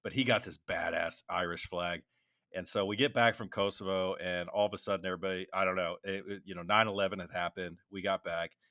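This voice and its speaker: A man's voice: low-pitched, fairly even intonation, brisk, bright, forceful tone, no echo, clean studio sound. A middle-aged man, a military veteran and podcast co-host, telling rambling anecdotes with lots of restarts. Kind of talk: casual conversational storytelling.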